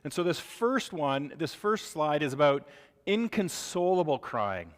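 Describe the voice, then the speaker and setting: A man lecturing clinicians in a large hall, his slightly higher voice carrying a long reverb. He is animated and jokes with the room, breaking into little acted bits between points. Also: a little slow. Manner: animated, joking, acts out crying parents. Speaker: medical lecturer.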